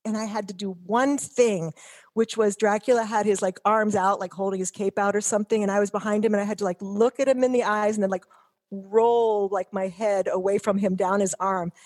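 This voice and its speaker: A woman's voice: mid-range voice, steady tone, brisk, darkish tone. A middle-aged woman guest, telling stories in a chatty, rambling way with many restarts. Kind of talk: casual chat.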